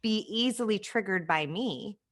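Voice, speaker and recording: Bright-toned emphatic woman podcast host. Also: medium pitch, animated, a little slow. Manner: emphatic, frank, talks it through with many "right?" asides. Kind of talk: casual interview chat.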